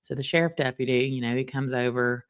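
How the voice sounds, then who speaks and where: A middle-aged woman, chatting casually with livestream viewers in an animated, storytelling way. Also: a bass voice, fast talker. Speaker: livestream host recapping a trial. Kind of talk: casual chat with live viewers.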